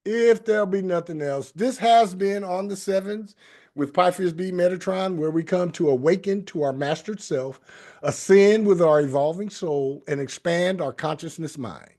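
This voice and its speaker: Host: man, fairly high voice, emphatic and repetitive, spiritual talk show. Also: moderate pace, darkish tone. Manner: repetitive, emphatic, sing-song affirmations. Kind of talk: spiritual talk show, casual group chat.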